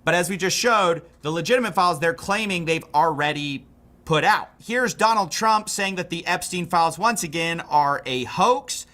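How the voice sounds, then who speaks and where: A man's voice: high voice, normal speed, sharp tone. A man giving indignant, sarcastic political commentary on a livestream.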